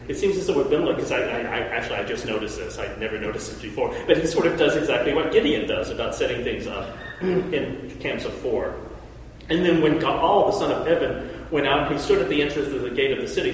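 A man's voice: mid-range voice, slight background noise. A man preaching a sermon, retelling a story in a conversational way with joking asides. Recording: echoey hall, far from mic, dull.

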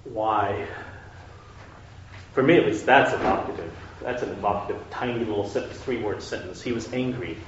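A man leads a conversational Bible study, asking his listeners questions and often checking that they're keeping up. His fairly low voice moves at a moderate pace, picked up by a distant, dull mic in an echoey room with slight background noise.

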